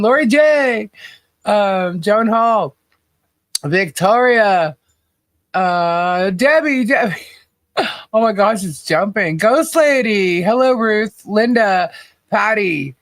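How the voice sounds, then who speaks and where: Woman livestream host, chatty, laughing, unhurried delivery, dry sound. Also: medium pitch, animated, no echo. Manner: chatty, laughing, greeting viewers by name. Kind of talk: casual chat.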